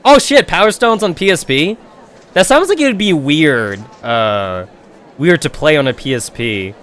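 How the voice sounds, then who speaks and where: A man's voice: on the high side, very animated, normal speed, a bit bright. A young adult man streaming a game and telling a rambling, profane story in a casual way.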